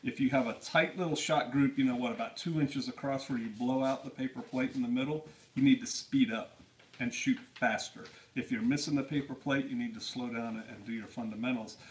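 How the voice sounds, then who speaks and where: Brief: male co-host, easygoing storyteller who laughs often, mid pitch, heard from a distance with faint hiss. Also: a little fast. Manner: laughing storyteller, acts out quotes in a raised voice. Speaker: podcast co-host. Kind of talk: casual live-stream chat. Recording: distant mic, faint noise.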